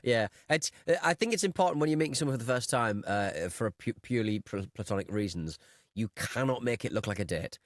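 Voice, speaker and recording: A playful man co-hosting a podcast and reading out listener messages. His pitch swings widely as he teases and jokes. The sound is dry and close. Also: expressive, dry recording. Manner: playful and teasing, quick jokes. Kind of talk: casual chat.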